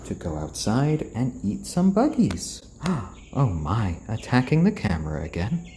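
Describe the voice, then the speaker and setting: A man hosting a casual live stream, talking in a soft, slow, soothing voice to keep his chickens calm while he reads out viewer comments. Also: lowish voice, slight background noise. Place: indoors, roomy. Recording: roomy echo.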